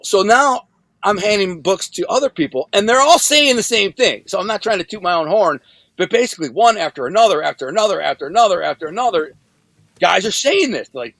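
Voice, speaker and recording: Man from Detroit, animated storyteller. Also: fairly quick, creaky, dry recording. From Detroit, USA. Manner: animated, acts out quoted voices with big pitch jumps; repeats words for emphasis. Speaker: guest telling his life story. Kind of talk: casual storytelling.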